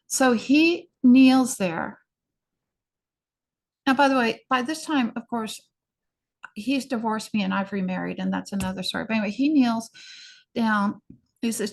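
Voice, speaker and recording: A middle-aged woman, a podcast guest, telling her personal story in an earnest, hurried way and often restarting sentences. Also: fairly high pitch, creaky.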